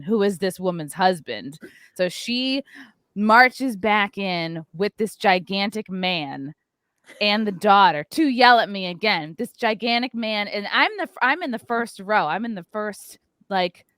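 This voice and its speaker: Woman podcast host, animated storyteller, acts out quotes, dry mic. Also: on the low side, dry recording. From New York area. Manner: acts out quotes, frequent "like" fillers.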